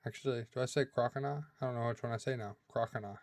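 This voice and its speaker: A man's voice: mid-range voice, steady tone, fast, no echo. A man in a casual read-through of names, musing aloud and second-guessing how he says them. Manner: musing, second-guessing his own pronunciations. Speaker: YouTuber.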